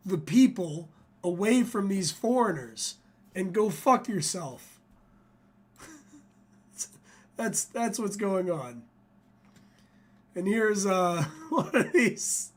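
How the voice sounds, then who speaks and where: A man hosting a livestream, giving profane, casual commentary and laughing often between remarks. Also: high-pitched. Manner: swears freely, laughs often. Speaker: livestream host.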